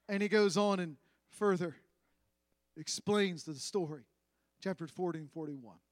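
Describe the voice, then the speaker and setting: High-voiced slow preacher. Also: male voice, no room sound, clean studio sound. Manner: dramatic, swings from loud to hushed. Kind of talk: sermon.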